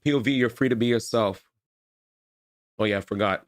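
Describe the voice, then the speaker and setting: A man streaming reaction commentary to his chat, excitable and full of slang. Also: fairly low pitch, brisk, long pauses, no echo.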